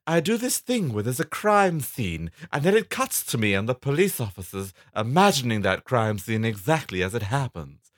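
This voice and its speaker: A man's voice: medium pitch, big pitch swings, normal speed, no room sound, studio quality, pitched above the performer's own voice, lightly acted. A man putting on the voice of a prim, self-satisfied female police detective in a comedy podcast, raised and prissy. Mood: smug. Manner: raised, prissy put-on lady voice.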